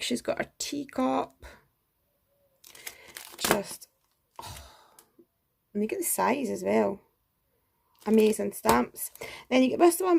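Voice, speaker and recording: A craft vlogger shows off her supplies in a casual show-and-tell review, chatty and gushing with frequent exclamations over each piece. Her voice sits a little high, with a darkish tone and a gravelly fry running through it.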